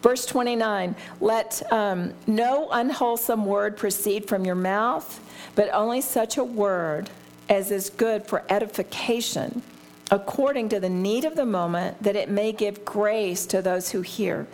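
A woman's voice: mid-range voice, a little slow, a little mellow. A middle-aged woman teaching a Bible study in a candid, conversational way, often laughing at herself.

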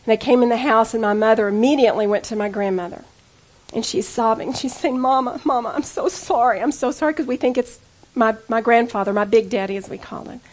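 Speaking to an audience of women, she delivers an earnest sermon built on her own testimony, telling her story intimately and pleading with her listeners. Her voice sits a little high with a steady, darkish tone, and she talks fairly quickly.

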